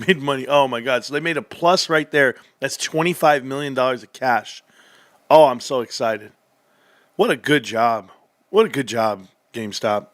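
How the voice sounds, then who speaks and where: A man hosting a livestream, reading through financial reports with excitable commentary that swings from muttering to yelling, his voice going hoarse. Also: medium pitch, dry recording, clean studio sound. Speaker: livestream host.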